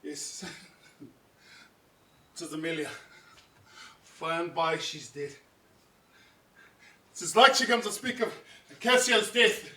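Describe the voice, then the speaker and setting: An actor playing a jealous, tormented husband in amateur stage acting, brooding murmurs breaking into shouts. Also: male voice, fairly high pitch, expressive, slow pace, pauses often, heavily acted. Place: outdoor stage, roomy. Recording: roomy echo from far off.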